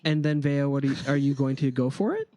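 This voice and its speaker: Game master, calm narration. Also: male voice, mid-range voice, dry recording. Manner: measured, descriptive narration.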